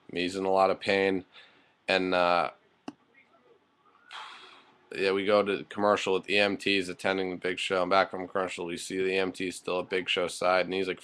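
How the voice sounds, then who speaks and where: A man's voice: low-pitched, a bit bright, smooth. A man giving a casual, rambling spoken recap of a wrestling show, full of fillers and offhand, blunt remarks.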